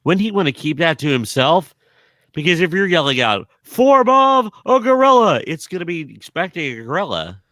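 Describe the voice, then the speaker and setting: A man co-hosting a comedy podcast, joking and acting out quotes in an animated way. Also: a little high, fairly quick, dry recording. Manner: animated joker, acts out quotes. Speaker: podcast co-host. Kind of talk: casual chat.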